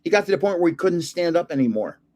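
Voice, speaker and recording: An older man, a grandfather hosting his own channel, chatting casually and telling rambling stories with plenty of pauses. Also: fairly high pitch, sing-song, a little mellow. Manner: rambling storyteller with fillers. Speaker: host of a card channel. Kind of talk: casual livestream chat.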